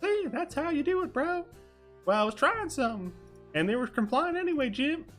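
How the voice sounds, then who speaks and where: A man voicing a dim, lanky young male robber with a whiny, high-pitched put-on Southern accent. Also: sing-song, normal speed, fairly bright tone, soft background music, full character voice.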